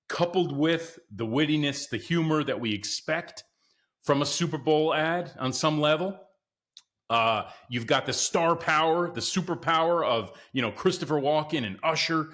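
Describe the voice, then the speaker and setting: Excitable man hosting a casual podcast. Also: on the high side. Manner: excitable, chatty, often addresses listeners as guys. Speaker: podcast host. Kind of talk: casual solo commentary.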